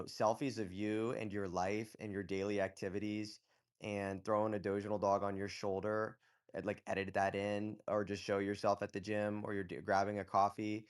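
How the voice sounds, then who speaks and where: A man with a fairly low voice hosts a loose live audio chat. He coaches his listeners bluntly, swears freely, and keeps checking in with "okay?". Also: clear, resonant tone. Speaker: host.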